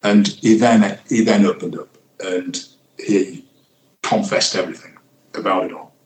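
A man in his sixties, a retired senior detective, recalling a case in a reflective, halting interview manner, acting out what people said. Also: lowish voice, fairly even intonation. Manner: reflective, halting with fillers, reenacts quotes. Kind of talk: interview recollection. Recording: echoey room.

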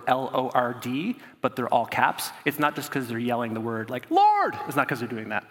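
A man's voice: mid-range voice, a bit bright. A man preaching a sermon, reading scripture and breaking off into casual, conversational asides. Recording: long hall reverb.

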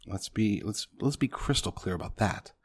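A man's voice: lowish voice, animated, normal speed, husky. A man delivering a punchy political commentary monologue, speaking directly to his listeners as folks.

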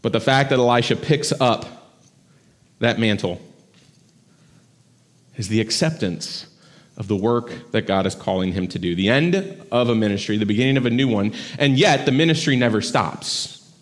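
A man's voice: mid-range voice, moderate pace, long pauses. A man giving a church sermon in a conversational style, often checking in with "right?". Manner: conversational preaching with frequent "right?". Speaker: pastor. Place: church sanctuary.

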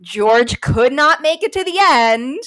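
A woman co-hosting a casual sports chat podcast. Her voice is fairly high and swoops lively up and down. She talks in an animated way, laughing and acting out quotes as she goes. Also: slow. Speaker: podcast co-host. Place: room at home. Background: sirens outside window.

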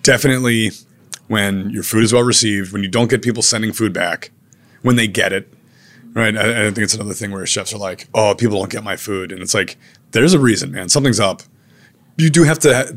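Blunt laid-back chef, low voice. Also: male voice, fairly bright tone. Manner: laid-back, blunt, peppered with "man" and "dude", occasional swearing. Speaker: chef and restaurateur. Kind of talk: casual interview talk.

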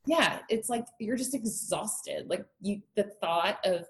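A woman's voice: mid-range voice, normal speed, hardly any pauses. A woman in her thirties, a strength coach, telling her story in an interview candidly, laughing often. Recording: echoey room, faint ambience.

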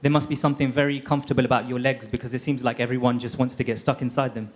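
A man works as a reporter at a press scrum. He is friendly and full of compliments, and he talks quickly. His voice sits at a middle pitch. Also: flat delivery. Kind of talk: press question.

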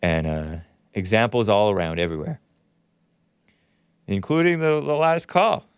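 A man's voice: lowish voice, expressive, unhurried, clean tone, no room sound. A man hosting a livestream show, reading viewer chats aloud and giving blunt, opinionated commentary as he thinks aloud.

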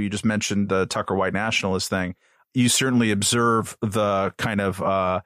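Male co-host, deep-ish and dry, measured questions with fillers. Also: fairly bright tone, no echo. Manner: thoughtful, halting with many fillers. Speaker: podcast co-host. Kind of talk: casual podcast discussion.

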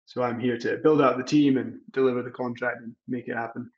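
A man's voice: mid-range voice, fairly even intonation, brisk. Scottish guy with a half-american accent, chill podcast guest, lots of uhs, kinda dull lo-fi audio. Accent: Scottish mixed with American. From Scotland. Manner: friendly, easygoing, frequent "uh" and "um". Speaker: guest, company CEO. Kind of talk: casual podcast interview.

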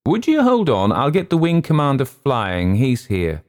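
A man's voice: medium pitch, wildly swooping pitch, measured pace, pitched above the performer's own voice. A man voicing a young, conscientious male station duty officer, polite and attentive, in an audiobook. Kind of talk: audiobook character voice.

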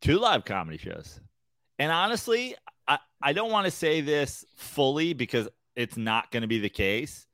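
A man's voice: mid-range voice, sing-song, moderate pace, bright, forceful tone, dry recording. A male comedian co-hosting a podcast, chatting casually and rambling with lots of filler words. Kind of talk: casual chat.

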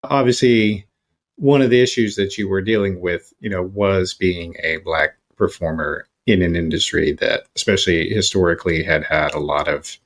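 A man hosting a podcast, asking measured, probing interview questions. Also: deep voice, steady tone. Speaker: podcast host.

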